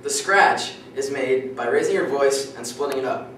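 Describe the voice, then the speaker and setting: A young man giving a prepared class speech, reading steadily and clearing his throat now and then. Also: medium pitch, normal speed, fairly bright tone, a little hiss or hum. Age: young adult. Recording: echoey classroom from far off.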